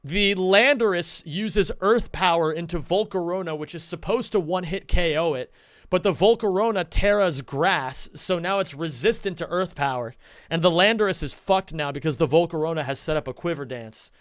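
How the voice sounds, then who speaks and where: A male streamer with a high, bright voice chats to his viewers in a loose, rambling way, excited and quick to swear. He is close to the mic in a dry room with no echo at all. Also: clear, resonant tone. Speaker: streamer and speedrunner. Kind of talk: casual live-stream chat.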